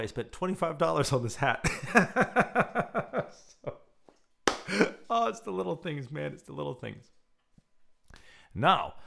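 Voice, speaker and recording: A male radio host in a loose, chatty monologue, his pitch swinging widely as he tells a story. He sits at a middling pitch and acts out the scenes he describes with lively energy. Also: vocal fry.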